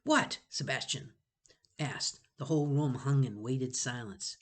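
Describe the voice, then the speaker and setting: A woman reading a novel aloud to students, pausing to savor phrases and chat about them. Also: a bass voice. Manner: expressive, stops to savor phrases. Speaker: reader for students.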